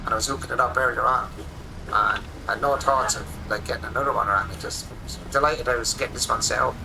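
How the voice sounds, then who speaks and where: An Irish man in his forties, a streamer rambling excitedly through casual commentary while he plays a game at his home desk. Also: mid-range voice, fast, creaky, background noise. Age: 40s.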